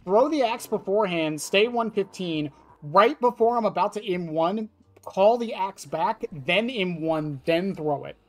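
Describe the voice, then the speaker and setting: Rambling to his chat while he plays, this young streamer offers casual gameplay commentary sprinkled with laughs and fillers. He has a high voice and speaks a little slowly.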